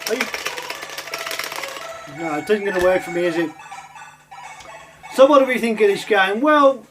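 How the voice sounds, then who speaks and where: Over background music, a man with a high, lively voice talks at a normal pace as he plays and reviews old computer games. He's a retro game reviewer giving casual gameplay commentary, rambling with plenty of ums and uhs.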